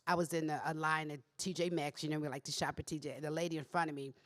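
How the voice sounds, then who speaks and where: A woman's voice: sits low, little pitch movement, quick pace, a bit bright. A woman on a discussion panel, speaking emphatically and telling anecdotes to the audience.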